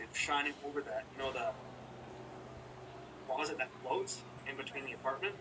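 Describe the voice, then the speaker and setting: A man's voice: medium pitch, a little fast, pauses often, far from the mic, background noise. A young man co-hosting a podcast, telling a rambling story in casual chat, profane and heated. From British Columbia, Canada. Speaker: podcast co-host.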